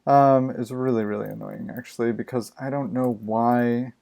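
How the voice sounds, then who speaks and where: A man's voice: mid-range voice, steady tone, normal speed, vocal fry, a little mellow. A man live-streaming himself programming, muttering his thoughts aloud in a casual, exasperated way and swearing freely.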